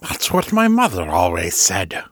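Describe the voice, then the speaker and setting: A man's voice: lowish voice, huge pitch swings, takes it slowly, pushed and bright, husky, no echo, clean studio sound, full character voice. A man voicing a cheerful, chatty tentacled male creature. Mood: breezy. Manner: breezy, chatty.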